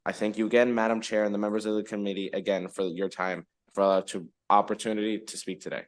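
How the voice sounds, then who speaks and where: A fourteen-year-old boy reads his prepared testimony to a committee, carefully and with small restarts. His voice sits a little low for his age group. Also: flat delivery, fast talker. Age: teens. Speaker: student witness.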